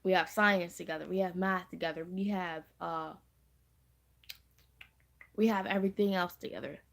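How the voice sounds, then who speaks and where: Chatty teen girl with a gravelly low voice. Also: steady tone, moderate pace. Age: teens. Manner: chatty, repeats phrases, slangy. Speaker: storytime vlogger. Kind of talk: casual storytime vlog.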